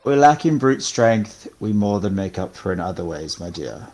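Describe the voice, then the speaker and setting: A man plays a seasoned adventurer in a tabletop game, speaking formally and gallantly. His voice sits on the low side. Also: lively intonation, moderate pace, darkish tone, low-quality recording. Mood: earnest. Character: experienced, gallant male adventurer.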